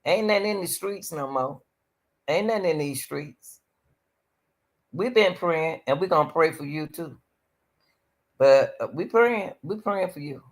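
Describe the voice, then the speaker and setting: A woman's voice: low-pitched, lively intonation, a little slow, long pauses. A woman hosting a reaction stream, pleading and preaching as she comments on a video, often calling out to the Lord.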